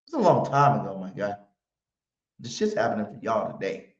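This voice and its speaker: A man's voice: on the low side, very animated, brisk. A man hosting a live fan pregame stream, talking brash, slangy trash with heavy emphasis. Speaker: sports stream host. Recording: roomy, muffled home stream audio.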